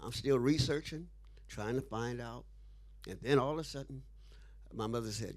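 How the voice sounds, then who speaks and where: A man's voice: mid-range voice, normal speed. A man being interviewed who tells a story with animation, acting out the dialogue and laughing often. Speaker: interview guest.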